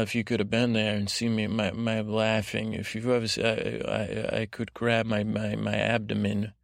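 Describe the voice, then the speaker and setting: A man voicing a grumpy, cynical male butterfly who rambles along in halting, grumbling sentences full of fillers for a sleep podcast. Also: on the low side, gravelly, dry recording, clean studio sound. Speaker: podcast host. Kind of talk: sleep podcast character monologue.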